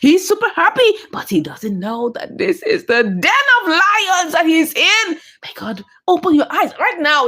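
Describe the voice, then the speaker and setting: A woman recapping a movie in animated commentary, exclaiming and talking back to the characters. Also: high voice. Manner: exclamatory, talks back to the characters, laughs often. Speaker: movie reviewer.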